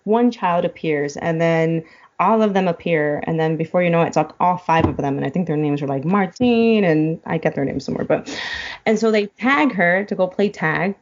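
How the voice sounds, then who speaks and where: A woman's voice: on the low side, normal speed, muffled recording. A woman guest in a casual chat, retelling a film plot and getting choked up as she goes. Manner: emotional, choked up while retelling. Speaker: podcast guest.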